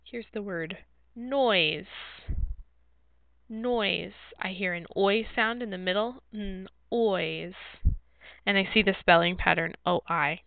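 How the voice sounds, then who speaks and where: A woman teacher slowly and clearly walking children through a phonics word sort, explaining each word. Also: medium pitch, no room sound. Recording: dry, phone-like narrow sound.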